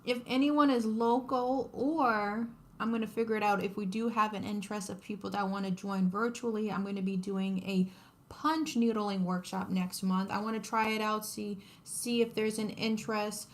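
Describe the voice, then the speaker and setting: A woman's voice: mid-range voice, fairly even intonation, moderate pace. A woman, chatting casually with her viewers on a craft livestream while she embroiders. She talks to her audience, laughs often and narrates her work as she goes.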